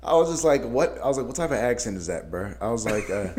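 A man telling a story in casual chat as a podcast co-host, animated and profane, often laughing. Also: medium pitch, fast talker.

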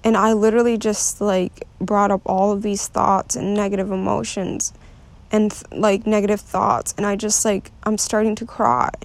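This young vlogger's voice is medium-pitched and gravelly, moving little in pitch at a normal speed. She rants openly without a script, wandering from point to point, cursing often and using lots of fillers, sounding frustrated and restless.

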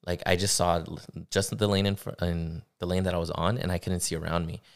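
A young man with a deep, low-pitched voice talks through a personal story on a podcast. He speaks haltingly, looping through fillers and restarts as he goes. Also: little pitch movement. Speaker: podcast guest. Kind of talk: casual conversation, personal story.

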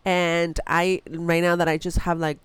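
A woman's voice: lowish voice, little pitch movement, a little slow, clean tone, no echo. A woman in her thirties from Mexico, a mother telling personal stories in casual chat, with many restarts and frequent laughter. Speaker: mother of a daughter.

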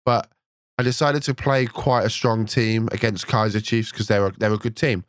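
Chatty man, excitable, dry close voice. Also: fairly low pitch, normal speed, dry recording. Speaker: podcast co-host. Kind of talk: casual podcast chat.

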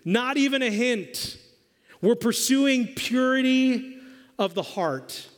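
A man's voice: very high-pitched, animated, slow pace. A man preaching a sermon as pastor, emphatic and quizzing his congregation in a church hall. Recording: long hall reverb.

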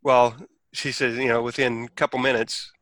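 A man's voice: mid-range voice, little pitch movement, moderate pace, a bit bright, no room sound. A man telling a personal story in casual conversation, rambling with many restarts and acting out quoted speech.

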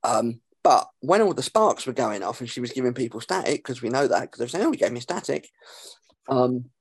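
A man, hosting a podcast and recapping an episode in a casual, sarcastic way, swearing freely and filling pauses with um. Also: medium pitch, lively intonation, slightly rough. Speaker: podcast host.

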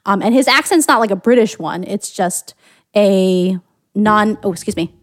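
A woman's voice: mid-range voice, moderate pace, no echo, studio quality. A woman from the United States hosting a podcast, chatting casually and thinking aloud with frequent restarts. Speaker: podcast host.

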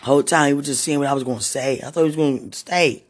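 A woman with a hoarse, husky voice, worn from preaching and crying, talking casually to God in a prayerful monologue and calling out to him between sentences. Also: very deep voice, quick pace. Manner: talks to God aloud, breaks into moans and exclamations. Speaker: street preacher.

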